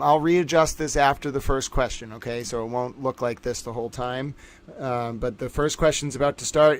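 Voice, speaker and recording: An excitable man hosting a livestream trivia game, chatting casually and bouncing his voice from low mutters up to bright exclaims. His mid-pitched voice sits close and dry, with no room sound around it. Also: dry recording. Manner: excitable and playful, jumps between pitches.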